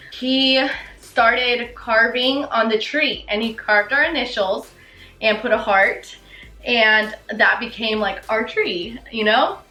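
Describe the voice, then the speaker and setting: A young woman telling her story to camera in a casual, excited and gushing way, full of "you know" and "like". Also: a little high, roomy sound, poor audio. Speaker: vlogger.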